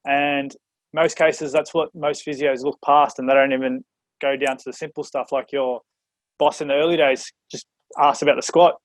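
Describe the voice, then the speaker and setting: A man hosting a podcast, talking in a relaxed, agreeable way. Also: mid-range voice, normal speed, no echo, poor audio. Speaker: podcast host. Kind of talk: casual podcast chat.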